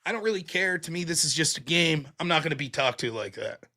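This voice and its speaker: A man doing a quiet, unbothered young guy. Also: on the high side, lively intonation, fast, pitched below the performer's own voice, exaggerated voice. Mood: dismissive.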